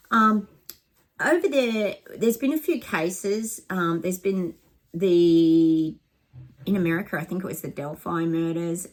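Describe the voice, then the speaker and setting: A woman giving a rambling psychic reading to camera, with lots of ums and restarts. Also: fairly low pitch.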